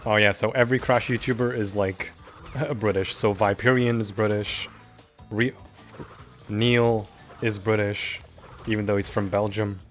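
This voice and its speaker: A young man streaming a game, talking casually and answering his chat in a relaxed, chatty way. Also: fairly low pitch, measured pace, soft background music. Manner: chatty, laid-back, talking back to chat between moves.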